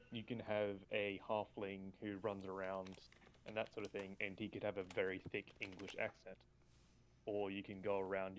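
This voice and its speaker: Low, flat-voiced game master. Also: male voice, a little hiss or hum, rough recording. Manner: rambling, many "like"s and fillers. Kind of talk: casual chat on a voice call.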